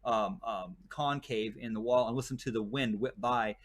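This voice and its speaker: A man's voice: mid-range voice, normal speed. A man talking casually as a guest on a show, his voice sitting in the middle range for a man. He rambles and restarts his sentences often, piling up fillers while he tells stories. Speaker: guest, desert tour guide. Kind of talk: casual chat.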